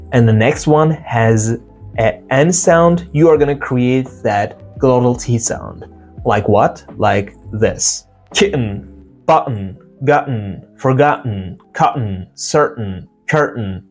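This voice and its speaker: A man giving a casual pronunciation lesson, explaining sounds and slowly repeating example words to demonstrate them. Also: mid-range voice, a little mellow. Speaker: English pronunciation teacher.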